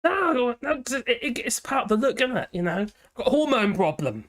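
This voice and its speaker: A hoarse man hosting a live stream, chatting in a rambling, cheeky way and giggling often. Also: very high-pitched, very animated, brisk, fairly bright tone. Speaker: livestream host. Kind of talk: casual live-stream chat. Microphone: headphones with a small speaker.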